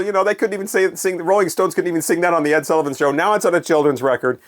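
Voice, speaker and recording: A man's voice: fairly high pitch, animated, fast, few pauses. A man chatting casually about records in his collection, with wry, sarcastic, rambling commentary. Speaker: vinyl record collector vlogger. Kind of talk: casual chat.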